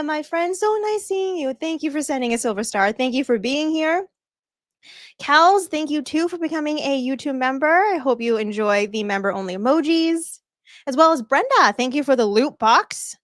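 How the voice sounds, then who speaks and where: A woman hosts a casual livestream commentary in a high voice. She is animated and laughs often. Her sound is dry and close. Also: no echo. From Norfolk County area. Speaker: livestream host.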